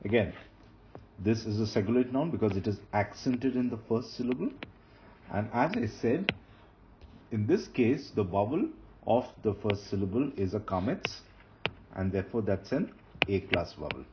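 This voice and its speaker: A man's voice: on the low side, animated, normal speed, long pauses. A man teaching Hebrew grammar as he writes on a board, patiently repeating key terms and restarting phrases. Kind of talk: explanatory lecture while writing on a board. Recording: dull lo-fi sound with faint noise.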